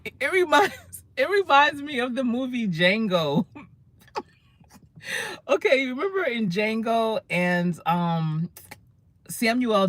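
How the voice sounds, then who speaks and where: A woman's voice: on the high side, fairly bright tone, dry recording. A woman in her fifties, a career coach, telling a casual story and laughing often.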